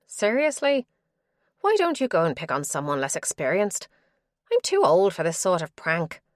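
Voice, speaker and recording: A woman's voice: lowish voice, wildly swooping pitch, normal speed, dry recording, studio quality. A woman voicing a prickly middle-aged woman who brushes people off with curt sarcasm. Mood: irritated.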